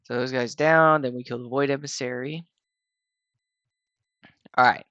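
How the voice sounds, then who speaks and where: Explaining a game raid in a laid-back, meandering voice-over, this host keeps using fillers and restarting his thoughts while sounding tired and yawning. He talks a little slowly in a clean, mid-range voice; there's no echo, but the highs are cut off.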